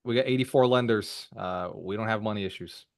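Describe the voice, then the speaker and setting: A man's voice: fairly low pitch, a little fast, creaky, no room sound, studio quality. A man presenting from home on a video call, upbeat and casual, calling people brother. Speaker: webinar presenter. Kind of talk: casual online Q&A.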